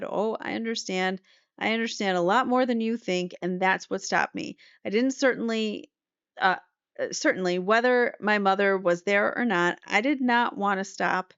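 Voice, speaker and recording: A woman's voice: mid-range voice, smooth, no echo, natural voice. A woman reading as a young male defendant on the stand. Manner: halting, defensive testimony. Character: young man defendant testifying under cross-examination. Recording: slightly muffled dry recording.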